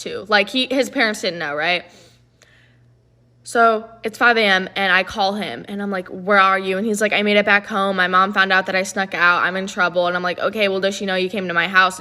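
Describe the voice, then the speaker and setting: A woman's voice: mid-range voice, pushed and bright. A young woman telling a rambling, profane personal story in casual chat, full of "like".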